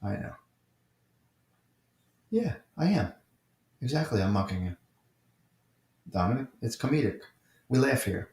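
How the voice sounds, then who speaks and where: A man's voice: mid-range voice, sing-song, unhurried, vocal fry, long pauses. A man with a New York accent hosting a casual live morning chat stream, answering viewers by name and repeating his points with emphasis. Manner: repetitive and emphatic, addresses chatters by name. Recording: roomy echo.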